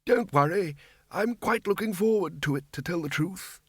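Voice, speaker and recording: A man's voice: high-pitched, lively intonation, normal speed, breathy edge, no room sound, studio quality, pitched above the performer's own voice. A man voicing a doddering, cheerful old male wizard who rambles and quavers. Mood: forced cheer.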